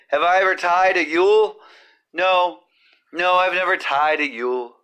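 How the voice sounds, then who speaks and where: A podcast host records a comedy show in his home kitchen, with cooking going on around him, and rambles through profane jokes in a crude monologue. His voice sits high, pushed and bright with a clean tone, and he talks at a moderate pace.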